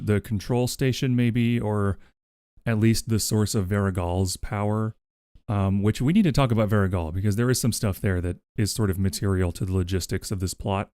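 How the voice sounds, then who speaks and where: Low, dry-sounding man streamer, rambling plot talk, close mic. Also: a little mellow, dry recording. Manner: rambling, thinks aloud with fillers. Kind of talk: casual livestream chat.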